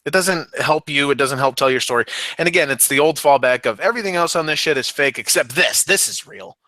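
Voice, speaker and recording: A man co-hosting a podcast in loose, joking chat, swearing freely and slipping into silly voices when he quotes people. His voice sits a little high and sounds bright and forceful. The sound is dry and close. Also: fairly quick, no room sound. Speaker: podcast co-host. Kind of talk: casual chat.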